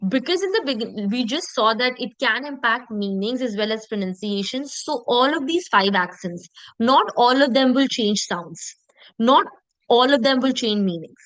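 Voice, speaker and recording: A woman's voice: on the high side, fairly bright tone, no echo, rough recording. A woman teaching French pronunciation in an online lesson. She repeats terms patiently and often checks in with her students by asking "okay?".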